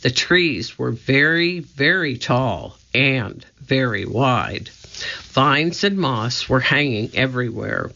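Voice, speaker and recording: Slow, bright-toned male storybook reader. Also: medium pitch, lively intonation, vocal fry. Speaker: narrator. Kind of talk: children's storybook read aloud. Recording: dull lo-fi recording.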